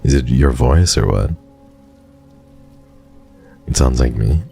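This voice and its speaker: A man with an extremely low voice, a gravelly fry under his words and a dark, mellow tone chats with his live-stream viewers. He teases them playfully and keeps thanking them, while faint music plays underneath. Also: takes it slowly. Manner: playful and teasing, with frequent thank-yous to viewers. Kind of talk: casual live-stream chat, reading and answering chat.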